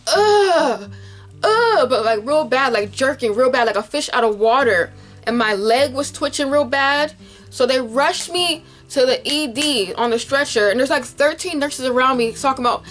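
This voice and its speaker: A young woman vlogger, emotionally retelling a frightening medical episode in a casual, animated way to camera. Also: on the high side.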